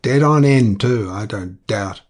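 Brief: deep-voiced sea captain, commanding and brisk, heard calling from a distance, as the narrator plays him. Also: male voice, lightly acted. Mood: grumbling. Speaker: ship's captain.

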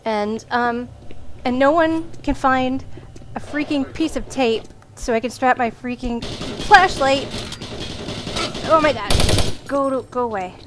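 Jumpy woman gamer, slow-talking. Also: sits high, background noise. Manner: jumpy, screaming and yelling at monsters. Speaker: gaming video host. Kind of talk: let's play commentary.

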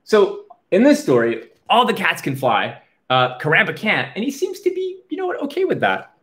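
A man reading a children's picture book aloud, stopping for friendly, chatty asides to the kids. His pitch is on the higher side for a man. It moves around a lot as he talks, which keeps his voice lively. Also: normal speed. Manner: warm, chatty asides to young listeners. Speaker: children's storyteller.

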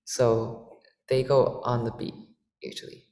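A man presenting an organ workshop, explaining in a halting way with many fillers. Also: medium pitch, level tone, darkish tone, slight background noise. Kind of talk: lecture demonstration. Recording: roomy, with organ music.

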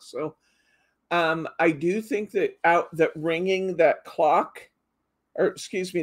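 A middle-aged woman hosting a live craft demo, chatting casually and reading out viewer comments. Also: on the low side. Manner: chatty, reads out viewer comments, frequent laughs. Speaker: craft show host.

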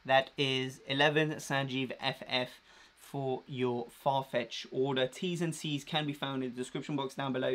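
A man's voice: mid-range voice, fairly bright tone. A young man chatting casually and rambling with slang while unboxing a new clothing order on a live vlog. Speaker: fashion vlogger.

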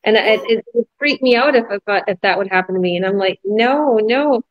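Woman, business coach, casual group chat, animated storyteller, mid pitch, dry slightly muffled video-call audio. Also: fast talker, dry recording. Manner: animated storyteller, acts out her kids' voices.

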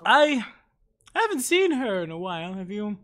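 A game master voicing a chatty, fussy fey mother creature in a high airy voice. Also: big pitch swings, moderate pace, fairly bright tone, slight background noise.

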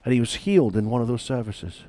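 A man's voice: mid-range voice, animated, fast talker, warm tone, dry recording, clean studio sound. A British man, a church founder and pastor, preaching a sermon in a conversational, emphatic way with stories.

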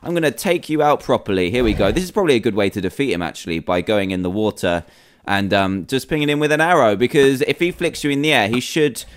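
A young man commentates a game in quick, animated bursts. He jumps from loud, high exclamations to quieter asides, joking his way through the action. His voice sits in a middle pitch. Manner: animated, jokey, swings between shouting and muttering. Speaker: gaming YouTuber. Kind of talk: excitable Minecraft mod commentary.

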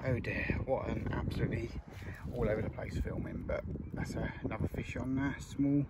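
A man, chatting excitedly to viewers while fishing outdoors by a lake. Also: medium pitch, fairly quick. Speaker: fishing vlogger. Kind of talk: casual commentary while fishing. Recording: loud outdoor noise.

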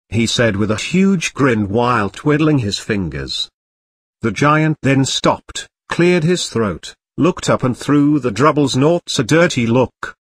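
A man's voice: medium pitch, lively intonation, measured pace, a bit bright, slightly rough, dry recording. A man narrating a parody story in a wry reading voice.

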